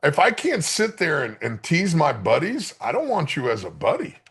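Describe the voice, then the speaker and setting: In a highish voice with vocal fry and a breathy edge, a man in his fifties hosts a podcast at a moderate pace. He swaps stories with friends, animated, joking and profane.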